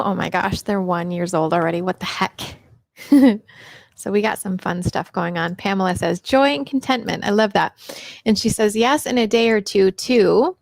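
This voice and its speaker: A woman's voice: mid-range voice, vocal fry, no echo, clean studio sound. A middle-aged woman hosting a casual live Q&A stream on her own mic, chatty and upbeat, greeting viewers by name. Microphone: personal microphone.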